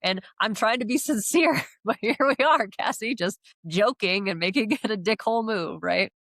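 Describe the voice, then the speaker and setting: A woman co-hosting a podcast in casual chat, high-energy, rambling, and often sounding sarcastic even when sincere. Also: moderate pace, dry recording, clean studio sound. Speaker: podcast co-host.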